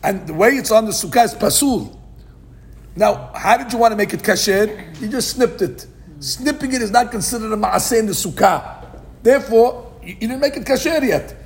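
A man leads a daily Talmud class, reading the Aramaic text aloud and explaining it in English. His voice sits high and carries a gravelly edge. He keeps things animated by asking his own questions and then answering them. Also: moderate pace. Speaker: Talmud teacher. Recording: podcast recording of a live class.

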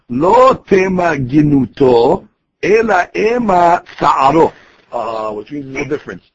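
A man with a fairly high, husky voice leads a daily Talmud class. He explains each phrase in a relaxed, conversational way and restarts sentences as he thinks. The recording sounds dull and lo-fi. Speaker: Talmud teacher.

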